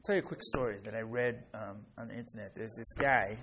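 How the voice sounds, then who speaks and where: A man's voice: lowish voice, fairly quick, background noise. A middle-aged man teaching a class in a casual, chatty way, telling a story with lots of fillers and "right?" check-ins. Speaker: Torah teacher.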